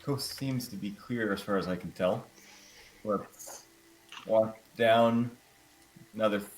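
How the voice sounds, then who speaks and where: A man playing a tabletop game, relaxed and quick to laugh. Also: lowish voice, slight background noise, rough recording. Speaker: player. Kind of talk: casual tabletop game play.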